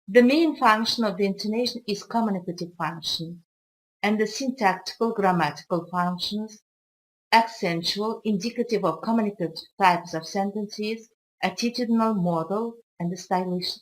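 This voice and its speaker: A woman with a Kazakh accent, a college English teacher whose first language is Kazakh, explaining intonation slowly and carefully in a recorded video lesson. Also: medium pitch, poor audio. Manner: slow, careful explanatory delivery with occasional restarts.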